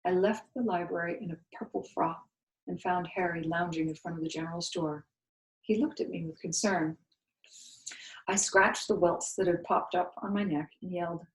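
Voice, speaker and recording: A woman, a school co-founder, reading a novel aloud with expressive, lively storytelling. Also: fairly low pitch, moderate pace, roomy sound, low-quality recording. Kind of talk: storybook read-aloud narration.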